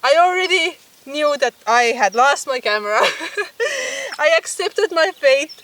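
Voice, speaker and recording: A high-pitched woman chats to her camera outside, laughing her way through a casual story. Her voice sits a little away from the mic, so it sounds slightly distant and open. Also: big pitch swings, takes it slowly, a bit bright. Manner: giggly, laughs often while telling the story. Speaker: photographer and vlogger. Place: outdoors by a bog, with bugs around. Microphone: camera mic, filmed outdoors.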